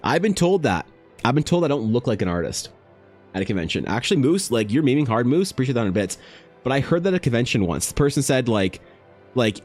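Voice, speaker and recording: A young man casually telling a story to his stream chat, animated and prone to exasperated outbursts. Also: quick pace, faint music behind. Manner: animated, trails into high exasperated rants.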